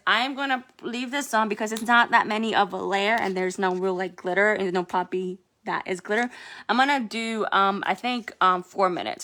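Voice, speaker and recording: Bright-voiced woman chatting through a tutorial. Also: medium pitch, moderate pace. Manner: chatty, rambling with many fillers. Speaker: nail care tutorial vlogger. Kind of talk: casual how-to demonstration.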